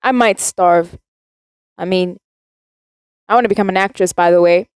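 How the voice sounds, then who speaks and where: A woman's voice: lowish voice, normal speed, darkish tone, clean tone, no room sound. A teenage girl from South Africa hosting her own podcast, rambling and contradicting herself in a casual rant. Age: teens. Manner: rambling, self-contradicting, chatty. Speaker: podcast host.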